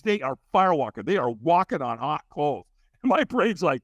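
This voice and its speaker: A man telling a personal story as a podcast guest, acting out the other people's lines with big leaps in pitch. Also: sing-song, normal speed, no room sound. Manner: acts out dialogue with big jumps in pitch. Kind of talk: animated storytelling.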